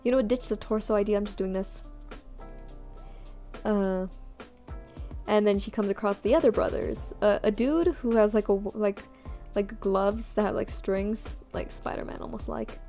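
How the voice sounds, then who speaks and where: A woman's voice: mid-range voice, steady tone, moderate pace, pauses often. A young woman streamer chatting casually while she draws, rambling and self-deprecating with many fillers. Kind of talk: casual chat while drawing. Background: soft background music.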